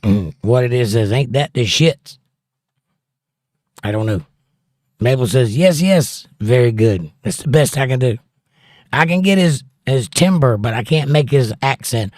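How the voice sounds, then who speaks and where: A man hosts a laid-back livestream, reading viewer comments from the chat aloud and chatting about them. His medium-pitched voice is a little mellow, and the recording is dry with a clean studio sound.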